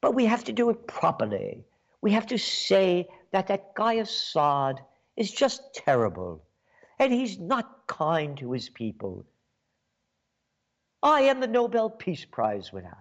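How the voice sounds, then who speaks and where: A man's voice: high-pitched, wildly swooping pitch, measured pace, full character voice. A man doing a falsely polite president. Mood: mock solemn. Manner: mock-polite and solemn, turning loud and scornful. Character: smooth proper male president, preachy and false. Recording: dull lo-fi sound.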